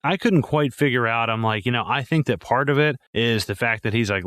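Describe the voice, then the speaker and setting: A man's voice: medium pitch, a little fast, hardly any pauses, fairly bright tone, no room sound, clean studio sound. A man co-hosting a podcast, rambling through his thoughts on a film, often restarting sentences and swearing. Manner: rambling, restarts a lot, swears, acts out characters' lines. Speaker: podcast co-host. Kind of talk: casual movie commentary.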